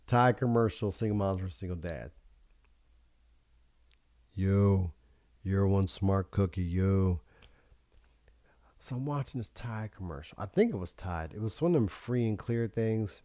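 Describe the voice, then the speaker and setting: A man's voice: low-pitched, animated, measured pace, long pauses, dark tone, no room sound, studio quality. A man hosting a livestream talk show in a rambling, profane monologue, laughing often as he goes. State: high.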